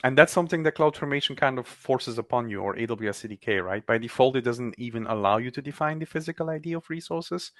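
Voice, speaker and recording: Animated man in dry close sound. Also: mid-range voice, no room sound. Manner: animated, quick restarts, acts out colleagues' lines. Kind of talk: casual technical chat.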